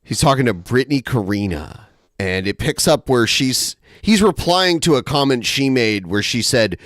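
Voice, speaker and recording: A man's voice: medium pitch, expressive, moderate pace, fairly bright tone, no room sound, clean studio sound. A man hosting a comedy podcast, mockingly reading out and reacting to chat messages with frequent laughs. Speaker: podcast host. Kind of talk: casual comedic commentary.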